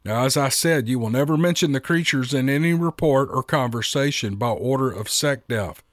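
A man's voice: medium pitch, normal speed, dry recording, studio quality, close to an everyday voice. A man voicing a cold, stern male government official in a story, with a clipped, commanding delivery.

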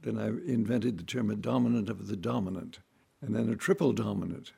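Older guy, dark rough voice, rambling through old childhood stories, does little voices. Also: fairly low pitch, a little fast. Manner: leisurely anecdotal storytelling, acts out others' voices and sounds. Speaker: storyteller recalling his childhood. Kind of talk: unscripted reminiscing monologue.

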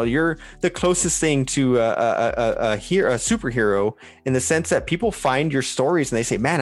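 Rambling, animated male podcast host. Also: mid-range voice. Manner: rambling, animated, many fillers. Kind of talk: casual interview chat.

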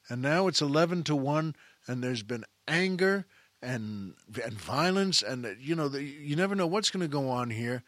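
A man retelling a film scene as a story, animated, acting out the characters' quoted lines. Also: on the high side, dry recording, studio quality. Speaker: film commentator.

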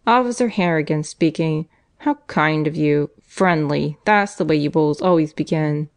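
A woman voicing a sullen, defiant male prisoner who sneers and growls, read in a lowish voice. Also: normal speed. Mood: growling.

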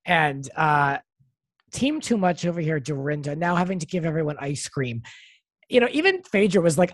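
A podcast co-host chatting casually and giving opinions with quick asides. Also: mid-range voice, animated, no room sound. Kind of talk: casual chat recapping reality TV.

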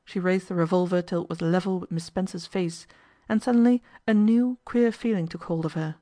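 A woman narrates a classic novel as an audiobook, her delivery measured and even. She keeps a steady storytelling pace, letting the prose carry the tension. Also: on the low side. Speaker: audiobook reader.

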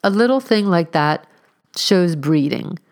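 A woman's voice: lowish voice, animated, a little slow, pitched above the performer's own voice. A woman voicing a prim, genteel lady fond of good breeding, in a storybook reading.

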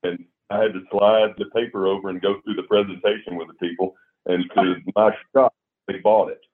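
A man's voice: lowish voice, little pitch movement, brisk. A man guesting in a casual interview, plainspoken and earnest as he tells stories from his business. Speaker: insurance agency owner, guest. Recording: tinny phone-like line.

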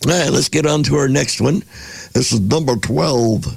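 Male podcast host, husky and raspy, reads then riffs with wisecracks. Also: medium pitch, normal speed, no echo. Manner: reads passages then jokes and reacts. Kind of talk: casual reading aloud with commentary.

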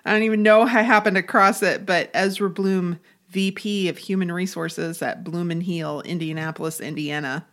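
A woman's voice: lowish voice, steady tone, normal speed, fairly bright tone. A woman co-hosting a podcast in a chatty, giggly casual conversation. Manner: chatty, giggly, restarts and trails off. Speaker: podcast co-host. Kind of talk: casual chat.

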